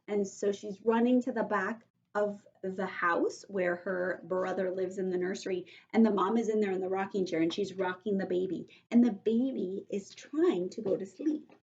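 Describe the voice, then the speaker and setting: A patient woman teacher reads aloud to young children, explaining vocabulary slowly and often asking "right?" Her voice sits at a middle pitch. The recording is dull and lo-fi. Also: darkish tone.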